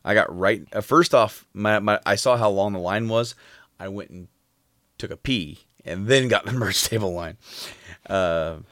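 Very deep-voiced man, rambling casually. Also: unhurried, a bit bright, dry recording, studio quality. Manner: rambling, filler-heavy recounting. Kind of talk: casual chat.

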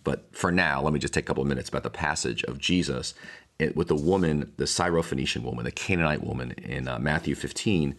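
An older man with a very deep voice talks as a pastor on his podcast. His tone is gravelly with a lot of fry. He teaches in a reflective, rambling way, often restarting his sentences. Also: quick pace, a bit bright. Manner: rambling, many restarts and asides.

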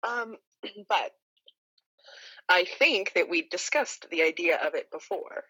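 A woman's voice: fairly low pitch, lively intonation, slow, pushed and bright, husky, rough recording. A woman guest in a casual chat, talking hesitantly with many fillers and frequent laughs. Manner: hesitant, rambling, laughs often.

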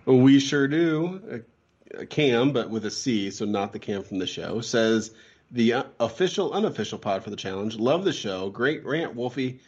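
A man's voice: on the low side, expressive, normal speed, breathy edge, dull audio. A man co-hosting a podcast, reading listener reviews aloud in a wry, joking way during casual chat.

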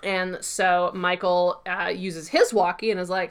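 Young female podcast co-host, casual and animated, acts out scenes. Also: on the low side, clear, resonant tone. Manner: animated, acts out characters' lines in quick voices. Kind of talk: casual chat recapping a TV episode.

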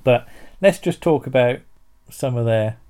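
A man hosts a relaxed conversation with guests. He steers the talk with questions and often restarts his sentences. His pitch sits in the middle range. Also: clean tone. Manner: chatty, leads questions, halting restarts. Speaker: host. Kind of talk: casual chat.

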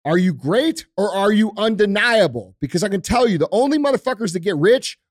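High-voiced man ranting bluntly, profanely. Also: animated, fairly quick, no room sound, studio quality. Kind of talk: casual podcast chat.

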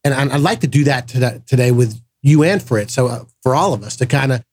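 A man hosting a podcast, telling a personal story in a casual, animated way and acting out the voices of the people in it. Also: mid-range voice, brisk, husky, no echo. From grew up in the projects. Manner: animated storyteller, acts out quoted voices, frequent restarts. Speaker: podcast host.

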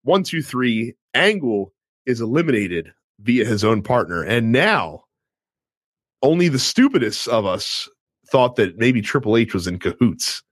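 A man casually recapping a wrestling show with a friend, telling it with animated energy and acting out the wrestlers' lines. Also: medium pitch, measured pace, no echo, studio quality. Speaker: podcast co-host.

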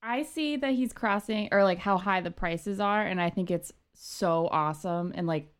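A woman's voice: mid-range voice, moderate pace, smooth. A woman playing a tabletop game, describing her character's actions with bubbly enthusiasm. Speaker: player. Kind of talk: casual tabletop role-play.

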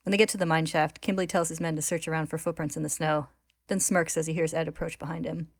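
Woman, low voice, steady recap narration, dry close sound. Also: fast talker, no echo.

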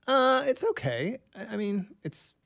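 A man with a somewhat high voice guesting on a radio show, spinning self-mocking anecdotes. He talks in an animated, storytelling way, acting out bits of conversations. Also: a little slow, creaky. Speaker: in-studio guest. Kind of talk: casual radio banter. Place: radio studio.

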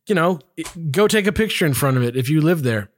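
A man's voice: fairly high pitch, lively intonation, fast talker. Playful joking male co-host. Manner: joking, playful mock-serious. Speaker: podcast co-host. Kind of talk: casual chat.

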